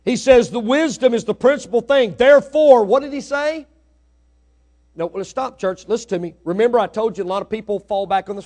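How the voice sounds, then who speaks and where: A middle-aged man preaching a sermon in church, swinging from hushed asides to loud, rising exhortation. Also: very high voice, a little fast. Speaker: pastor. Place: church sanctuary.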